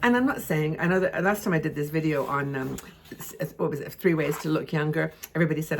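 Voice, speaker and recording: Gravelly, low-voiced woman in her sixties. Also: quick pace, slight background noise. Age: 60s. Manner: chatty and expressive, with frequent fillers and asides. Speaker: lifestyle video host. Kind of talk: casual tips talk to camera.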